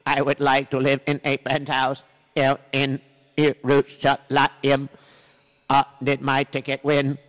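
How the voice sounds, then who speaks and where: A man's voice: medium pitch, monotone, in a large hall. A man doing a stiff, formal Martian visitor. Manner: slow, loud, deliberate announcing.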